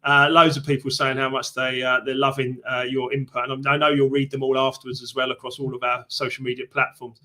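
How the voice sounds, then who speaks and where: A man's voice: medium pitch, brisk, few pauses. A man hosting a live book club stream, chatting casually and explaining ideas through analogies. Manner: animated storyteller, explains with analogies.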